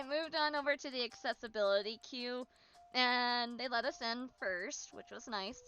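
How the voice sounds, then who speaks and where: A woman's voice: a little high, moderate pace, over music. A woman chatting casually on a stream as a VTuber, bubbly and chatty but tired and yawning.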